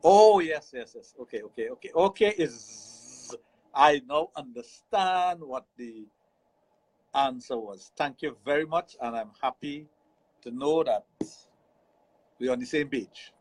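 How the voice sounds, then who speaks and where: A man's voice: mid-range voice, measured pace, darkish tone, slightly rough, poor audio. A Trinidadian man hosting a radio show as a sexologist, explaining things frankly and laughing easily. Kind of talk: casual radio talk. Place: radio studio.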